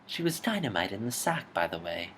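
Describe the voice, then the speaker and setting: Flamboyant male concierge done by a man, fussy and theatrical, lively swings in pitch. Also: a little fast, husky, heavily acted. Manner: theatrical, swinging from sly murmurs to shrill outbursts.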